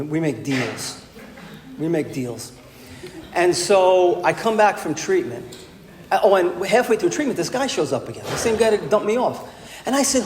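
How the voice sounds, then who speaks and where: A man with a slightly high voice tells his story at a recovery meeting, mocking himself and acting out the lines of the people in it. He is recorded in a large, echoing hall with a long reverb and faint room noise behind him. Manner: wry, self-mocking storyteller acting out quotes. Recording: echoey hall with faint ambience.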